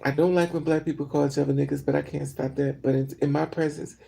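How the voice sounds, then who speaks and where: A woman vlogger casually telling a story to her viewers, blunt and profane, with animated delivery. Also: deep voice, fast talker, creaky.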